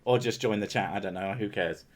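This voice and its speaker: A man's voice: on the low side, brisk. A man with a southern English accent from the Home Counties, hosting a casual livestream chat, loose, joking and full of swearing. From Home Counties, England. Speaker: streamer host.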